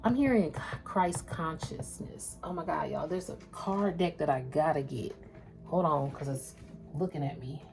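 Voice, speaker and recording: A woman's voice: sits low, normal speed, vocal fry, over music. A woman doing a casual spiritual reading, chatting with viewers in a slangy, loose way. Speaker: spiritual tarot reader.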